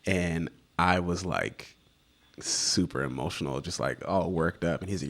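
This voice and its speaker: In a relaxed interview on a studio set, an American guest photographer with a low voice recounts how he got into photography at a moderate pace. An animated storyteller, he slips into livelier imitations of the people he quotes.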